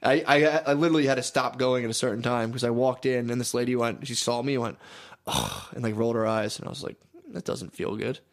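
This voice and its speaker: A man co-hosting a comedy podcast in casual, profane chat, acting out quick quotes as he tells stories. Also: medium pitch, steady tone. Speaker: podcast co-host.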